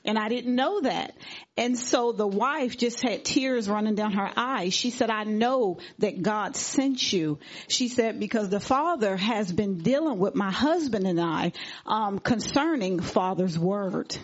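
A woman's voice: mid-range voice, a little slow. A woman sharing a testimony at a church service, retelling a conversation and acting out what each person said. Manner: animated retelling, acting out quoted dialogue. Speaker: congregation member giving testimony. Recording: dull lo-fi recording.

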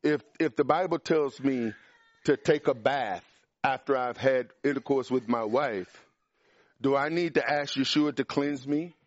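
A man preaching a sermon in an emphatic, animated way, pushing up in pitch and volume on key points. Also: unhurried, no room sound. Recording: dry, dull lo-fi sound.

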